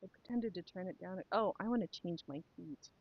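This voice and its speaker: A woman's voice: fairly low pitch, fairly quick, breathy edge, muffled recording. A woman chatting casually to her live stream while sewing, rambling and talking to herself and her pets.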